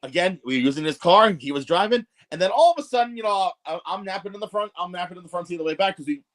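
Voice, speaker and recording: A man's voice: sits high, expressive, very fast. A man telling rambling, profane stories on a podcast, with lots of restarts. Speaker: podcast guest co-host. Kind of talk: casual storytelling chat.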